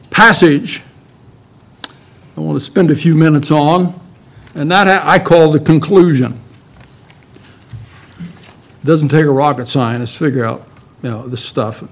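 A man preaching a sermon to his congregation, emphatic and deliberate, with many rhetorical questions. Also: a little high. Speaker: pastor.

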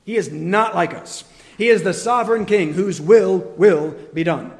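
Male pastor, earnest emphatic sermon delivery, raised pitch, long room echo. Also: darkish tone. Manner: earnest, emphatic preaching with dramatic pauses.

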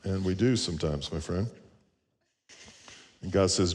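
A man's voice: low-pitched, a little slow, long pauses, a little mellow, long reverb tail. A male pastor preaching a sermon, earnest and storytelling, with rhetorical questions.

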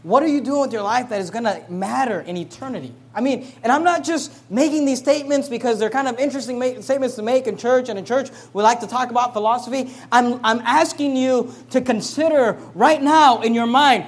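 A man as pastor preaching an emphatic sermon, pressing his listeners with repeated rhetorical questions and swinging between quiet and loud passages. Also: very high voice, brisk, hardly any pauses.

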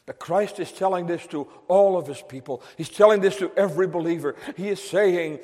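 A man preaching a sermon to his congregation, slow and emphatic, drawing out phrases and dropping suddenly quiet. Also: high-pitched. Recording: long hall reverb.

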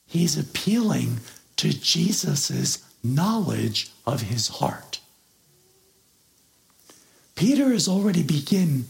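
A male pastor preaching at an unhurried pace, his voice rough with gravelly fry. He teaches earnestly and leans hard on key words. His pitch climbs and falls in a lively way as he unpacks the scripture. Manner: explains and expounds on a scripture passage. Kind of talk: sermon.

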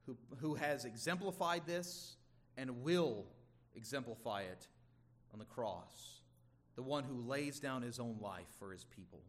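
A man's voice: mid-range voice, expressive, measured pace. A man preaching a sermon in an earnest, emphatic way, with the odd stumble and restart. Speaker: pastor.

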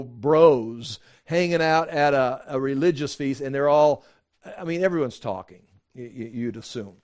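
A man teaching a Bible study class in a relaxed, conversational way, often restarting his sentences and acting out quotes. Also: on the high side.

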